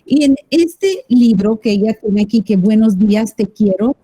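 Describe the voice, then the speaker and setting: A woman's voice: a little high, animated, normal speed, slight background noise, low-quality recording. Effusive woman hosting an interview. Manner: effusive, rambling, warmly enthusiastic. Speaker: podcast host. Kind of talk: casual interview chat.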